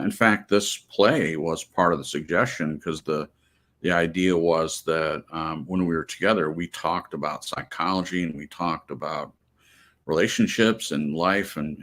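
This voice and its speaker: Man, very deep voice, casual personal story, hesitant, restarts a lot. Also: fairly bright tone. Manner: halting, many fillers and restarts. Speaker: guest sharing a memory.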